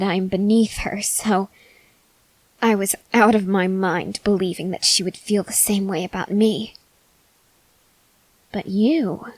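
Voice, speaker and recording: A woman voicing an arrogant, unhinged young male cult leader in a whispered role-play, slow and intense, swinging between whispers and sharp outbursts. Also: mid-range voice, husky, no room sound, rough recording. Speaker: ASMR voice actor.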